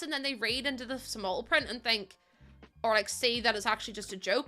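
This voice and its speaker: A woman's voice: a little high, fairly even intonation, fast talker, bright, forceful tone, faint music behind. A young adult woman, chatting heatedly to her live chat while she builds in a game. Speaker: live streamer.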